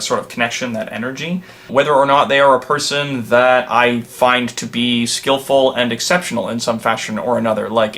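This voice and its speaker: A man's voice: medium pitch, fairly bright tone. Casual man hosting as a supervillain. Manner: casual, rambling, with playful villain bravado. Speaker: vlog host in a supervillain persona. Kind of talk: in-character comedic vlog answering viewer questions.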